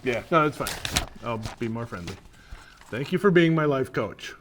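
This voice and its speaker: A man's voice: mid-range voice, expressive, moderate pace. A man co-hosting, clowning through recording outtakes in joking banter with a teasing, playful manner. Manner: teasing, playful, breaks off mid-line. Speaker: co-host. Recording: loud background noise.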